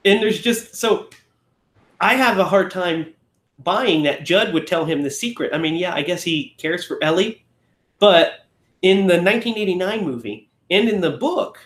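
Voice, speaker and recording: Man, fairly high voice, casual film-talk co-host, loose and rambling, in a roomy echoey space. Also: expressive, moderate pace, fairly bright tone. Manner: rambling, self-correcting, often acts out lines. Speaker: podcast co-host.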